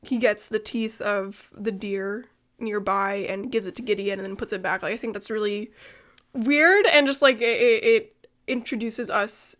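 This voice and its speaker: A young woman co-hosting a podcast, chatting excitedly, swearing freely and laughing often. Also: medium pitch, normal speed. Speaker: podcast co-host. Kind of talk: casual chat.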